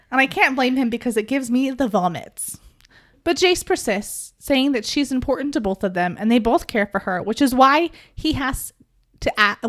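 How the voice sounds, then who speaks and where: A woman's voice: on the high side, fairly bright tone. A woman hosting a casual book podcast, recapping chapters in a playful way with jokes. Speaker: podcast host.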